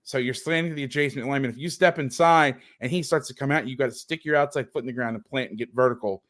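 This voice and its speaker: A man's voice: medium pitch, fast, a bit bright. A man hosting as a football coach, breaking down game film on a video call with sarcastic, exasperated commentary.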